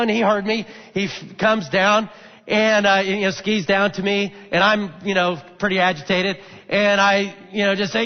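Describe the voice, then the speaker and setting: A man's voice: high voice, steady tone, moderate pace. A middle-aged man, a senior pastor, telling a story in a sermon in a conversational way and acting out the voices he quotes. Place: church auditorium. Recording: muffled recording in a large echoing hall.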